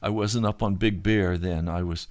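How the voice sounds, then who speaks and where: Male narrator, low register, dry close recording; halting first-person recollection of a dream vision. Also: fairly even intonation, a little mellow, dry recording. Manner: halting, with repeated words and restarts.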